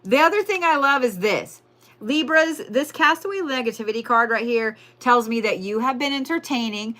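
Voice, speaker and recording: A woman's voice: fairly high pitch, expressive, normal speed, fairly bright tone. A woman doing a casual live tarot reading, brash and profane, repeating her lines for emphasis. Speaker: tarot and zodiac reader, livestream host.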